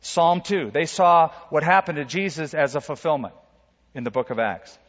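A man preaches with a fairly high voice, swinging from hushed asides to loud, pointed lines. His voice rings out with a long reverb from a big hall. The sound is a little dull and muffled. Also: expressive, normal speed. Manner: dramatic preaching with sudden loud and soft swings. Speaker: pastor. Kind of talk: sermon.

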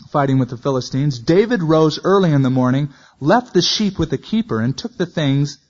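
A man teaching verse by verse from the Bible, reading scripture aloud and then adding casual, conversational comments. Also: mid-range voice. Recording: dull lo-fi recording.

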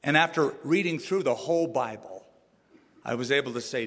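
A man preaching a sermon as pastor, animated, with rising emphasis and sudden drops to a quiet voice. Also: on the high side, a little slow, husky, long reverb tail.

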